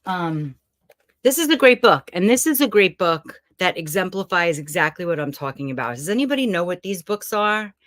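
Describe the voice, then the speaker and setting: Her voice is lowish and her speed normal. She's a middle-aged woman from Brooklyn, New York, hosting a self-help challenge from a room at home, chatting to camera in a casual, animated, motivational way that rambles into asides.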